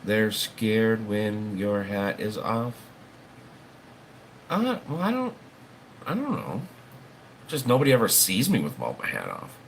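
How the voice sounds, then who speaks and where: A man's voice: lowish voice, big pitch swings, slow, long pauses, a little hiss or hum. A man hosting a livestream, chatting casually in a rambling, folksy way and swearing now and then. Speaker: livestream host.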